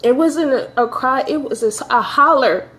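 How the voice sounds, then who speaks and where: Woman telling her own testimony, earnest, kinda high voice, keeps repeating herself for emphasis, trying not to cry. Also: normal speed, a bit bright. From California. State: holding back tears. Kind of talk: personal testimony to camera.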